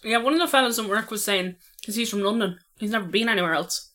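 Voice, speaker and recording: Bright, teasing Irish woman. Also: medium pitch, fast. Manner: teasing, sweary, laughs often. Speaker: podcast co-host. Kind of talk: casual chat.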